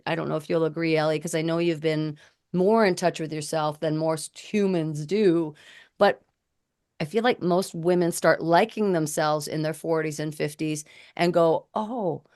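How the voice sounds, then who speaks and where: A middle-aged woman co-hosting a candid conversation, blunt and animated as she tells stories. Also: low voice, moderate pace, clean tone, no echo, studio quality. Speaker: co-host.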